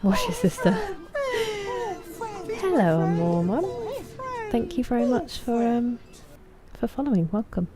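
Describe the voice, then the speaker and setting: There's crowd noise around a slightly high female voice with big pitch swings, a little slow and full of long pauses. The speaker, a young woman from England with an English accent, streams a game and chats casually with her live chat, greeting people by name.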